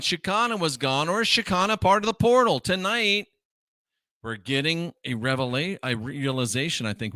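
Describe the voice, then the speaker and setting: Man, emphatic scripture commentary, bright forceful voice, smooth and clear, wry asides. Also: fairly high pitch, dry recording, studio quality. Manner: emphatic, repeats phrases for stress, wry asides. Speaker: host. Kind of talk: religious commentary monologue.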